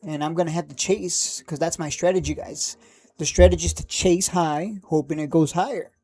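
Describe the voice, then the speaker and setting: A man hosting a stock trading livestream, talking casually and excitably, rambling, cursing now and then, and laughing at his own jokes. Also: fairly high pitch, moderate pace. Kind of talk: live market commentary.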